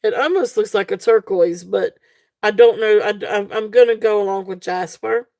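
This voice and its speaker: A woman's voice: mid-range voice, moderate pace, vocal fry, darkish tone. A woman hosting a live jewelry sale stream, giggly and gushing at her viewers, rambling with lots of fillers. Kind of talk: casual live-stream selling chat.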